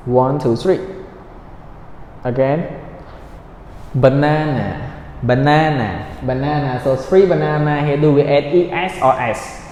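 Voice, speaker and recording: A man teaching a recorded grammar lesson for children, speaking slowly and patiently, drilling words and ending points with "right?". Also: on the high side. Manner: slow, patient, drills words and repeats them; ends points with a checking "right?". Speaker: English teacher. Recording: roomy echo, long reverb, faint noise.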